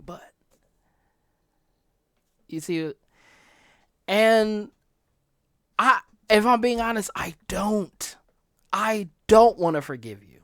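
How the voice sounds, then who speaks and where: Slow, emotional ranting podcaster. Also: mid-range voice, lively intonation, no echo, clean studio sound. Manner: swings from quiet near-whispers to loud outbursts; repeats phrases, halting restarts. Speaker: podcast host. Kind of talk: emotional personal rant.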